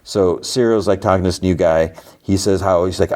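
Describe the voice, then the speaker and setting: The man hosting this podcast has a low, steady, slightly mellow voice and speaks fairly quickly. He recaps TV episodes casually, rambling along with heavy use of "like."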